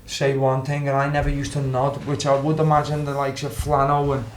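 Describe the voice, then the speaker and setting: A man's voice: mid-range voice, monotone, brisk, slight background noise. Scouse man telling football stories. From Liverpool, England. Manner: swears freely, acts out quotes. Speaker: podcast guest, former footballer. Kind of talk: casual storytelling. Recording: roomy with faint background ambience.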